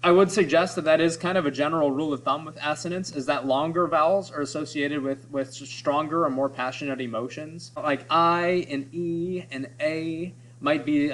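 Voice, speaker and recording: A man's voice: on the high side, a bit bright, a little hiss or hum. A man teaching a lesson on poetry, explaining and sounding out examples, often checking in with "right?". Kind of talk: classroom lecture on poetry.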